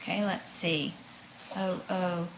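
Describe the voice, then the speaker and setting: A woman's voice: lowish voice, steady tone, slow, creaky, reverberant, a little hiss or hum, low-quality recording. A mother patiently coaxing her toddler in a home video, with sing-song prompts.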